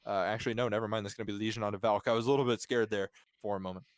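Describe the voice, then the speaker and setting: A man's voice: lowish voice, steady tone, very fast, no room sound. A man giving analytical color commentary on a live esports match, breaking down strategy with enthusiasm.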